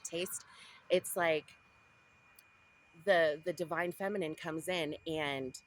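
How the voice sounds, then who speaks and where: The rough recording captures a young Southern California vlogger talking slowly in a deep, steady voice about her spiritual journey. Her casual diary-style talk wanders, full of asides and restarts.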